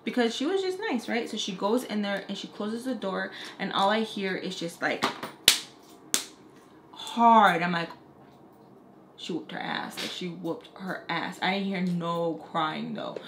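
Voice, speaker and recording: A woman, a makeup artist and beauty vlogger, telling a casual story time with lively delivery, casual slang and the odd curse word. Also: mid-range voice, a little slow, vocal fry, a little hiss or hum.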